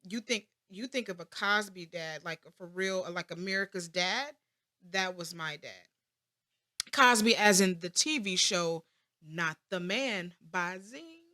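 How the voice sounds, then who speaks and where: A woman in her thirties, an interview guest, talking reflectively about her family with many pauses and restarts. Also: lowish voice, bright, forceful tone. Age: 30s. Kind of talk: personal interview.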